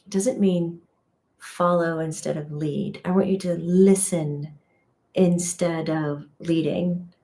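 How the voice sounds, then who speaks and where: A woman's voice: fairly low pitch, steady tone, slow pace, mellow. A woman teaching intuition in a chatty livestream talk, often laughing at herself and restarting phrases. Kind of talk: casual spiritual teaching on a livestream.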